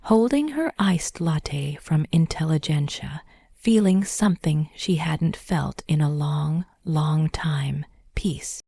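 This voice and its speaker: Low, husky whispering woman narrator. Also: takes it slowly, no echo, clean studio sound. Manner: soft, breathy whispered storytelling. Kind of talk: whispered role-play.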